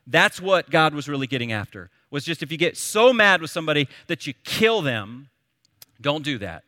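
A man in his thirties preaching a sermon, telling a family story in an animated, conversational way. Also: on the high side, moderate pace, no room sound, clean studio sound, in a large hall. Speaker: pastor.

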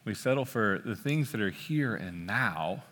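A man in his thirties preaching a sermon, telling a story in a relaxed, joking way with frequent "uh" fillers. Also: fairly low pitch, a little slow. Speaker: pastor. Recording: long hall reverb.

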